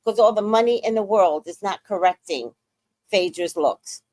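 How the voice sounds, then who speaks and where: A woman's voice: mid-range voice, normal speed, darkish tone, dry recording. A woman giving blunt, profane, angry celebrity gossip commentary as a show host.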